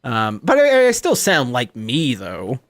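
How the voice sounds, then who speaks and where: A man's voice: medium pitch, unhurried, dry recording, studio quality. A young man streaming live, chatting casually and joking, laughing often. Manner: lively, jokey, laughs often. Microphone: good microphone.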